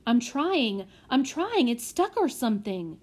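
Flustered young boy hero, read by a woman, high and deliberate. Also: very animated, darkish tone. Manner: impatient, flustered.

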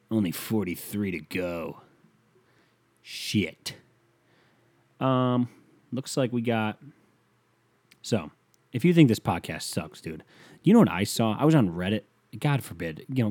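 A man's voice: lowish voice, darkish tone, no echo. Swearing young man ranting solo. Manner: profane, rambling, exasperated. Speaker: podcast host. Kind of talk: solo podcast rant. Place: bedroom. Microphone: leaning on the mic.

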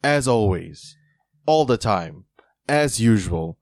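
A man's voice: lowish voice, expressive, slow pace, darkish tone, dry recording, clean studio sound. A man co-hosting a casual podcast chat, joking around, laughing often and slipping into silly voices. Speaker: podcast co-host.

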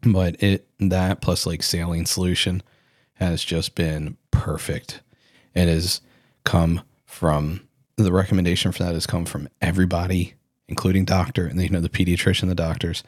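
Male podcast host in his thirties, deep voice, loose self-correcting storyteller, dry close mic. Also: little pitch movement, normal speed, a little mellow, no echo. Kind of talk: casual solo podcast talk.

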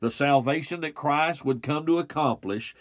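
A man preaching an expository sermon in a slow, deliberate way with emphatic pauses. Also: on the high side, no room sound.

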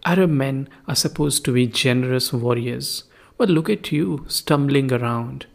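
A man's voice: medium pitch, unhurried, gravelly. A man voicing a poor, discontented wife who scolds her husband, in a reproachful, accusing way. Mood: complaining.

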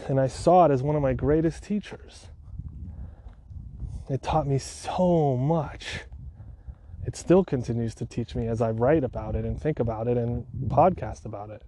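A man's voice: medium pitch, moderate pace, mellow, slight background noise. A man podcasting, telling a personal story in an earnest, heartfelt way, with sighs between thoughts.

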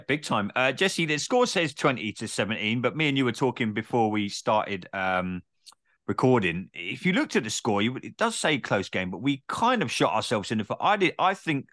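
Brief: podcast host, lowish voice, dry close mic, chatty. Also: male voice, a bit bright, no room sound. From Britain. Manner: chatty, swears casually, many "uh" fillers. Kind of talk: casual sports podcast chat.

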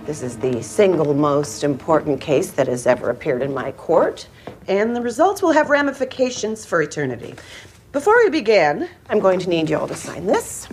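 An actress playing a brisk woman judge who runs her court with bossy jokes, in a comedic scripted scene. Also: lowish voice, very animated, darkish tone. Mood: bossy, joking. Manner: bossy and joking. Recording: noisy played clip.

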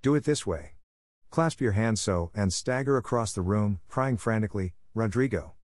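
A man's voice: fairly low pitch, moderate pace, dry recording, studio quality, lightly acted. Man voicing a bold theatrical teenage girl. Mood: eager. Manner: lively, dramatic. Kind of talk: audiobook character voice.

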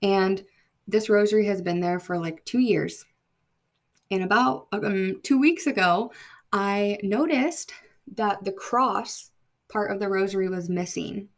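A woman's voice: medium pitch, a little slow. A woman hosting a podcast, telling a personal story in an earnest, emotional way with many fillers. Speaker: podcast host.

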